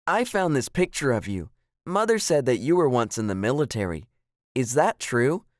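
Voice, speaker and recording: A man's voice: mid-range voice, sing-song, normal speed, dry recording, clean studio sound, natural voice. A man voicing an eager, curious little girl in a storybook reading. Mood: excited. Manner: eager, asks many questions.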